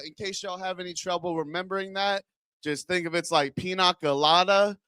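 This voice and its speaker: A man's voice: fairly high pitch, bright, forceful tone, clear, resonant tone, dry recording, studio quality. A man doing a stand-up comedy set in a club, chatting with the crowd, rambling and laughing at his own jokes.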